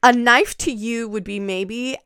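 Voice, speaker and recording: A woman's voice: on the high side, a little slow, crowd noise. A woman co-hosting a casual true-crime podcast, chiming in with sarcastic asides. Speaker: podcast co-host.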